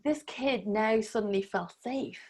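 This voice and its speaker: This woman, in her thirties, speaks a little slowly in a fairly high, somewhat dark-toned voice. A breathwork teacher on a podcast, she tells a personal story in easygoing interview talk, acting out her inner voices with laughs and the odd swear.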